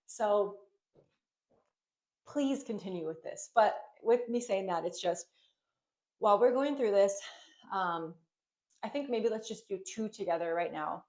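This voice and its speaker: A woman's voice: mid-range voice, moderate pace, darkish tone. A woman teaching a yoga class, talking casually with many fillers and light laughs. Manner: chatty, with many ums and likes, laughing lightly.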